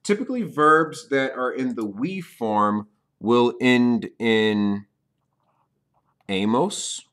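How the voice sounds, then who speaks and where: A man's voice: mid-range voice, slow pace, a bit bright, clean tone. A man teaching a beginner's language lesson on video, explaining step by step and checking in often with "okay?". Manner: repeats key points for beginners. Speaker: Spanish teacher.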